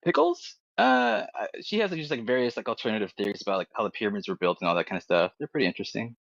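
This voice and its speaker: A man hosting and streaming a casual group chat, with quick, animated asides. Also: on the low side, creaky, no echo, dull audio.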